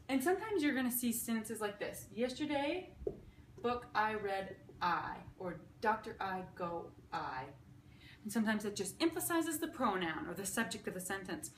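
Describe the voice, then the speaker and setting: A woman in an ordinary middle pitch gives a casual, upbeat lesson and walks through each example step by step. She keeps checking in with her viewers as she goes. The room is echoey, with faint noise in the background. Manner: upbeat, explains step by step, often checks with "okay?". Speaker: sign language teacher. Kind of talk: casual teaching at a whiteboard.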